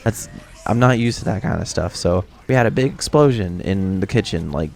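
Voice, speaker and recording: Young guy with a deep creaky voice, animated storytime vlog, big reactions. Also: normal speed, slight background noise. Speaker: video creator.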